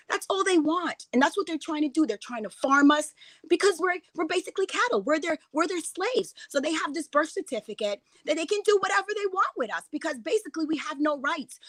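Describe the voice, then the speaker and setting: A woman's voice: high voice, fairly bright tone, dry recording. A woman giving an impassioned, emotional talk as a guest speaker, rambling and restarting her sentences as she goes.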